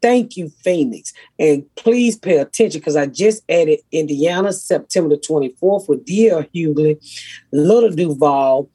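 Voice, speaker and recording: Raspy, blunt-talking woman comedian. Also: low voice, expressive, moderate pace, mellow, dry recording. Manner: profane, blunt storytelling. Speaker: podcast host, comedian. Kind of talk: casual podcast chat.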